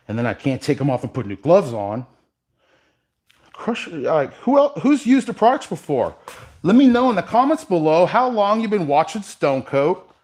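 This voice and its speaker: A man leads a live epoxy workshop demo, chatting casually with his viewers. His pitch swings widely, rising high when he greets the chat and sinking low and quiet as he concentrates on the work. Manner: casual, chatty, addresses viewers directly, drifts quiet while working. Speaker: epoxy artist and workshop host.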